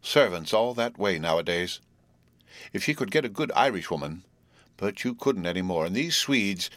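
A man reading a story aloud in a steady, measured narration. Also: deep voice, no echo. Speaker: audiobook narrator. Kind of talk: scripted narration.

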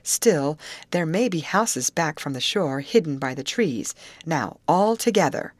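A woman's voice: low-pitched, expressive, measured pace, no room sound. A woman voicing Betty, a practical and somewhat anxious young woman, in a storybook reading. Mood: earnest. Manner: earnest, slightly anxious.

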